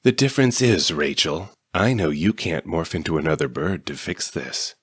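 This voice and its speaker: Deep sneery alien shapeshifter bad guy, a guy reading it, audiobook. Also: lively intonation, normal speed, slightly rough, dry recording, clean studio sound, full character voice. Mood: sneering. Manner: mocking, sneering. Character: sneering shape-shifting alien male villain.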